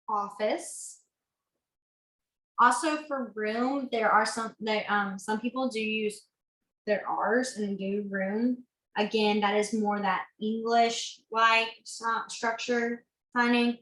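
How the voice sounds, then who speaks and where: A woman's voice: fairly high pitch, slow pace, a bit bright, roomy sound, low-quality recording. A woman teaching a beginners' sign language class, chatty and self-correcting, laughing easily. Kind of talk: online class instruction.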